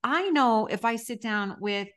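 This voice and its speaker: A woman's voice: fairly high pitch, lively intonation, measured pace, fairly bright tone. A middle-aged woman hosting a podcast, talking frankly and emphatically, with the odd mild swear. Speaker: podcast host and coach. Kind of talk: conversational podcast talk.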